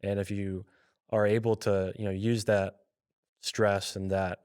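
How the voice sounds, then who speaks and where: A male podcast host speaking in a measured, thoughtful conversational way. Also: fairly low pitch, little pitch movement, a little mellow, smooth. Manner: measured, thoughtful, uses "you know" often. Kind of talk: reflective conversational talk.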